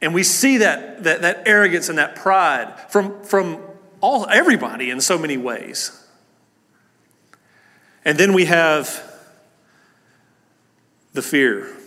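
A man's voice: a little high, expressive, takes it slowly, long pauses, sharp tone. A man preaching as a pastor at a church service, starting with a prayer and then talking in an earnest, conversational way, with many fillers and restarts. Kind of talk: sermon with opening prayer. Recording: long church hall reverb.

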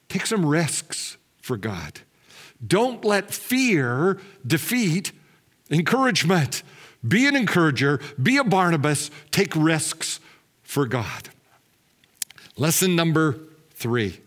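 A man delivering a sermon as pastor, candid and measured, slowing and dropping his voice on key words. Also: a little high. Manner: candid, self-deprecating asides with light laughs.

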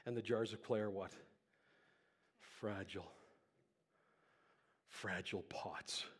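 A man preaching a sermon to a church congregation, swinging between hushed, slow passages and loud, impassioned climaxes, breathing heavily into the microphone. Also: fairly low pitch, steady tone, husky. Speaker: pastor.

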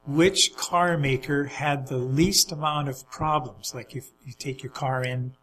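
A man's voice: mid-range voice, fairly even intonation, unhurried, a bit bright, a little hiss or hum, low-quality recording. Chatty man telling car stories. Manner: rambling anecdotes with laughs. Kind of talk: casual chat, storytelling.

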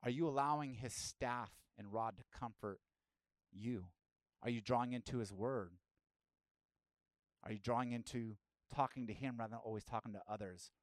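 A man's voice: medium pitch, normal speed, pauses often, no room sound. A man preaching a sermon as pastor, asking the listeners direct questions and rising into emphatic bursts.

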